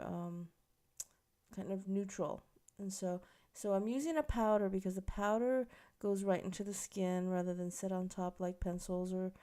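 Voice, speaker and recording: A woman's voice: mid-range voice, warm tone. A woman makeup instructor giving a casual, chatty tutorial, explaining each step as she works on a model. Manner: chatty, explains while working, many fillers.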